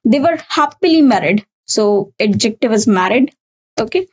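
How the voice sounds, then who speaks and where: A woman's voice: on the high side, a little mellow, rough recording. A woman with an Indian English accent teaching an English grammar lesson, explaining step by step, repeating key points and often saying "okay". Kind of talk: recorded exam-prep lesson.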